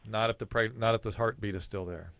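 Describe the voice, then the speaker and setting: Brief: male physician co-host, fast and factual, fairly low voice, dry studio sound. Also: steady tone, fairly bright tone, clear, resonant tone, dry recording. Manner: brisk, explanatory, matter-of-fact. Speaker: radio show co-host, physician. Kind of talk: late-night call-in radio advice. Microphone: studio broadcast microphone.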